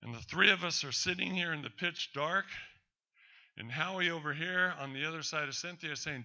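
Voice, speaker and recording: Telling a personal story onstage, this man speaks emphatically and defiantly, speaking straight to those who doubted him. He has a fairly high, bright, forceful voice at normal speed, captured with lo-fi sound.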